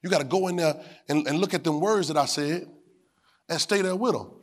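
A man a sermon in a call-and-response style. He repeats phrases, asks the room whether they hear him, and climbs to shouts. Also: fairly high pitch, a little fast. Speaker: preacher.

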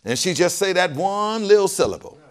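A man's voice: sits high, lively intonation, brisk. A man preaching a sermon. He repeats each phrase a reader gives him and then breaks into folksy, emphatic asides. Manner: folksy, joking asides with a laugh. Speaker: pastor.

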